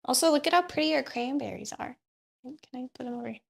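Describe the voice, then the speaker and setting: A woman's voice: high-pitched, fast, vocal fry, husky. A woman from California chatting casually on a live stream, laughing often. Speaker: co-host.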